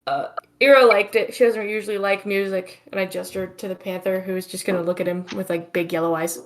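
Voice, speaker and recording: A woman's voice: mid-range voice, fairly even intonation, quick pace, a little hiss or hum. A woman with a lisp, chatting and laughing as a player in a live tabletop game. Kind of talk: casual tabletop play.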